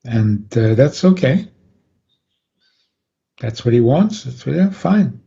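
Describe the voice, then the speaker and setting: A man, a rabbi, calmly explaining on a radio talk program and chuckling often. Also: mid-range voice, slow pace, gravelly. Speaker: rabbi guest. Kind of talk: radio interview, Torah teaching. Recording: dull lo-fi radio audio.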